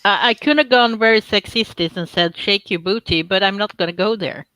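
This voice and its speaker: Casting: woman, bright tone, chatty and giggly, dry close sound. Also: mid-range voice, a little fast, dry recording, rough recording. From Sweden. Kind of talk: casual chat.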